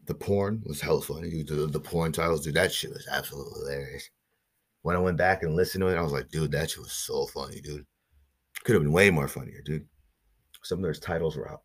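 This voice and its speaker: A man's voice: very deep voice, husky. A man hosting his own podcast alone, talking in a rambling, profane, hyped-up way. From Northern California. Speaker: podcast host. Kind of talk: casual solo podcast monologue.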